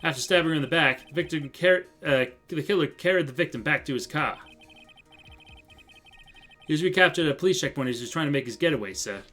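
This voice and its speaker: A man's voice: a little high, lively intonation, fast, bright, forceful tone, soft background music. A dutiful police detective from a courtroom game, read by a man in his own everyday voice. He answers in a deferential, businesslike way and keeps adding "sir" to the end of his statements. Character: dutiful male police detective giving testimony.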